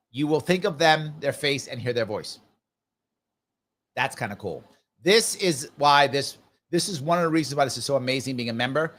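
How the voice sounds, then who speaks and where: A man hosting a live stream, reading viewer comments aloud and riffing on them. He talks in a chatty, upbeat way and often repeats himself. His voice sits a little high and swings widely in pitch. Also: a bit bright. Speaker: host.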